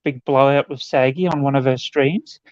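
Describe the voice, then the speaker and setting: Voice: medium pitch, moderate pace, a little mellow, highs cut off. A guest on a casual stream telling a story bluntly and with heavy swearing.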